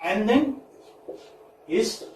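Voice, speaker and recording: A man teaching English phonetics to a class in a lecture style, slowly repeating each word so the students can copy it. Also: high voice, lively intonation, a little mellow, distant mic. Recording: echoey classroom, speaker off-mic, faint noise.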